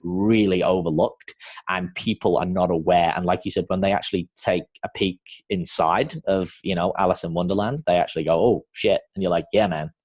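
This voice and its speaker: A man's voice: low-pitched, a little fast, darkish tone. A man from New Zealand hosting a podcast in a casual, rambling way with lots of fillers. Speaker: podcast host.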